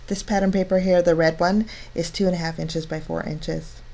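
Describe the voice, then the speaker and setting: A woman's voice: on the low side, fairly even intonation, normal speed, dark tone. A woman narrating a card-making tutorial, chatty and step-by-step, delighted with her work.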